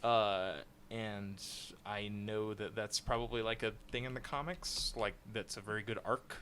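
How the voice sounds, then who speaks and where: A man's voice: on the low side, fairly even intonation, unhurried, a bit bright, slight background noise. A man co-hosting a podcast, chatting casually, agreeable and full of fillers and stammered restarts. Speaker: podcast co-host. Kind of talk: casual chat.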